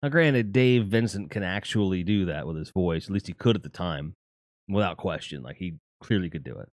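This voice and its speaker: A man's voice: deep voice, expressive, fairly quick, no room sound, studio quality. A man hosting a casual, rambling and jokey chat about music. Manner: rambling and jokey, with lots of fillers and laughs. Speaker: host.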